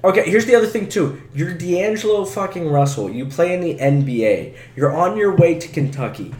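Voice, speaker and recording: A man's voice: on the high side, lively intonation, brisk, a little mellow. A man co-hosting a casual sports podcast, blunt and mocking, swearing freely. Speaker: podcast co-host. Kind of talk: casual sports chat over drinks. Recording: roomy echo.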